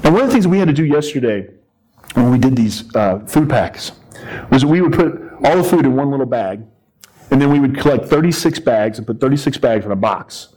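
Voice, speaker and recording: A man's voice: medium pitch, a little fast, poor audio. A middle-aged male preacher giving a sermon, retelling a story with playful asides and acted-out voices. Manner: animated storytelling, acting out voices and yells.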